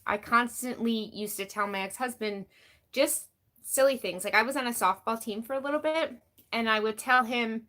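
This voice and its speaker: A woman's voice: a little high, moderate pace, sharp tone. Candid rambling woman live streamer. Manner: candid, rambling, heavy use of "like"; reads and answers chat comments. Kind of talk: casual live-stream talk.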